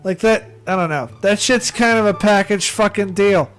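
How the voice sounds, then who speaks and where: High-voiced American man swearing nonstop. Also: moderate pace, faint music behind. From United States. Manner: rambling, swears constantly, laughs at his own jokes. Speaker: streamer. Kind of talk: casual chat on a livestream.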